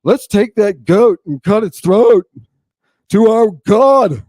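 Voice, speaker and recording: A man putting on a dim-witted, eager young Abel in a lecture, with a loud, raised drawl. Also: high-pitched, animated, takes it slowly, no echo, pitched above the performer's own voice, exaggerated voice. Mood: dopey eager.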